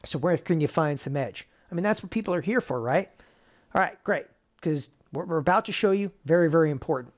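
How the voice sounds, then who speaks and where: Teaching options trading in a live webinar, a middle-aged instructor keeps throwing rhetorical questions at his audience with energetic delivery. The voice is medium-pitched and brisk, and the webinar audio sounds dull and lo-fi.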